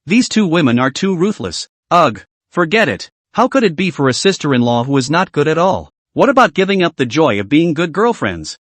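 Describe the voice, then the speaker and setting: A man's voice: a little high, very animated, a little fast, hardly any pauses, a bit bright, no room sound. A man reading a comic story recap as a scripted narration.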